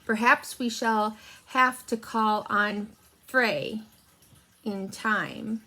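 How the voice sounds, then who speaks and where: Woman playing mole adviser, scheming, condescending, slow and soothing. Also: medium pitch, bright, forceful tone, exaggerated voice.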